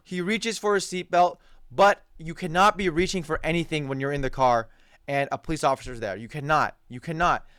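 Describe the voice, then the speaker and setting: A man's voice: a little high, fairly even intonation, brisk, a bit bright, clean tone, no room sound. A man giving heated, profanity-laced reaction commentary on sports news, repeating himself for emphasis. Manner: profane, ranting, repetitive emphasis.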